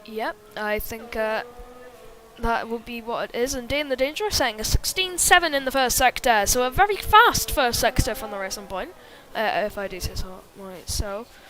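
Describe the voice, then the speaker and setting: A woman's voice: a little high, normal speed, sharp tone. A woman doing live commentary on an online racing league, chatty and full of fillers, reading viewer chat as she goes. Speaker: race commentator.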